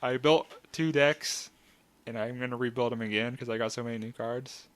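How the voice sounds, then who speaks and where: A man's voice: mid-range voice, fairly even intonation, moderate pace. A man hosting a casual podcast chat, rambling and laughing often. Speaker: podcast host.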